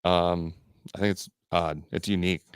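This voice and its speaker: A man's voice: sits low, fairly even intonation, normal speed, clean tone, dry recording, studio quality. A man co-hosting a podcast in casual chat, blunt and ranting, swearing often. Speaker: podcast co-host.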